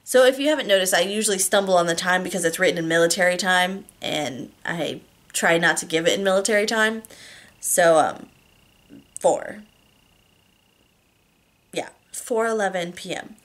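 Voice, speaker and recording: A woman's voice: lowish voice, moderate pace, long pauses, a bit bright. A woman reading a novel aloud casually, now and then stumbling over words and apologizing. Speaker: reader.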